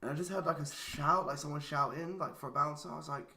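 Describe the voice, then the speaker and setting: In an echoey room, a young male podcast co-host tells a profane, casual story loaded with "like." He talks fast in a slightly high voice that's gravelly and sharp.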